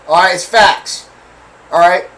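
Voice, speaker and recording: A man's voice: sits high, a little slow, a bit bright, rough recording. A male host casually telling a personal story to his listeners, chatty and full of slang.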